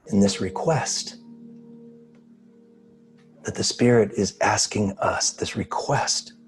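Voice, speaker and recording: Man guiding a slow meditation. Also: on the low side, soft background music. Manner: slow, pausing, gently questioning. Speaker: spiritual teacher. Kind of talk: guided meditation. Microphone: video call.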